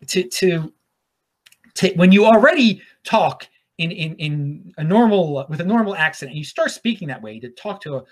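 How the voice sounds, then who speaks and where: A man's voice: high voice, fairly bright tone. A man from Baltimore hosting a podcast in a casual solo monologue, rambling, often restarting his words and chuckling as he goes. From Baltimore, USA. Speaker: podcast host.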